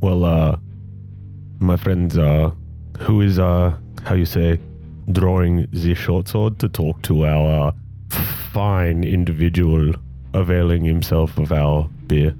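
A man voicing a smooth, placating male cat-folk elf who keeps calling people his friend. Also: low voice, fairly even intonation, slow, dark tone, soft background music, pitched below the performer's own voice. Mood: genial. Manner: smooth, placating, with hesitant filler phrases.

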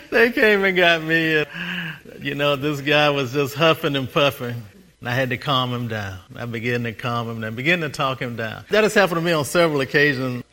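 A man preaching a sermon as pastor, building rhythmic repeated phrases, slowing down for emphasis and laughing at his own stories. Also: medium pitch, pushed and bright.

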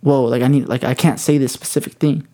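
A man's voice: medium pitch, fairly even intonation, quick pace, mellow. A young man in his twenties telling a rambling, swear-heavy story in casual chat.

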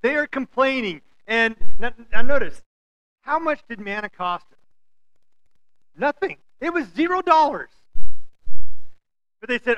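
Bright, animated male preacher. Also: very high voice, unhurried, pauses often, rough recording. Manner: animated storytelling with acted-out quotes and humor. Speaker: pastor. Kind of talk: sermon.

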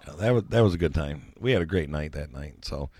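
A man in casual chat, telling a story with lively energy and loud laughs. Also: a bass voice, fast, no room sound, clean studio sound. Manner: animated storyteller, laughs loudly. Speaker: co-host.

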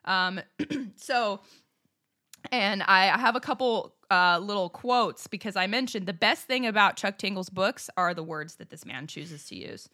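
A woman co-hosting a podcast in casual chat, telling stories in an animated way, swearing freely and laughing often. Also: medium pitch, a little slow. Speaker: podcast co-host.

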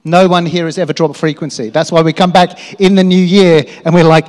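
Enthusiastic male church leader on announcements, slightly high, reverberant hall. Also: fairly even intonation, fairly quick, darkish tone. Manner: upbeat, enthusiastic, asks the crowd questions.

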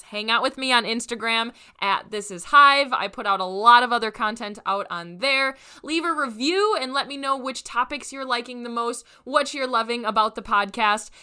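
A woman hosts her own podcast, speaking in a bright, forceful voice that sits a little high. Her voice is raspy and hoarse. She talks with energy and drives each point home by repeating it. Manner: energetic, direct, repeats for emphasis. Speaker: podcast host. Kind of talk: solo podcast, upbeat motivational talk.

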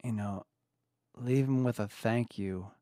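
A man's voice: fairly low pitch, slow pace, mellow, dry recording, studio quality. A man talking openly as a podcast guest in casual, colloquial speech, acting out the remembered exchanges he describes. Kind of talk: candid podcast conversation.

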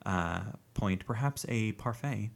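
Low-voiced joking male podcast host. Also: lively intonation, takes it slowly, gravelly. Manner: joking, self-mocking, rambling with fillers. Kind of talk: casual chat.

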